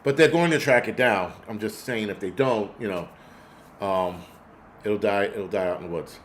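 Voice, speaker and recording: A man's voice: on the low side, moderate pace, a little hiss or hum. A man hosting a casual livestream, rambling through profane stories and answering chat comments. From United States. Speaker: host.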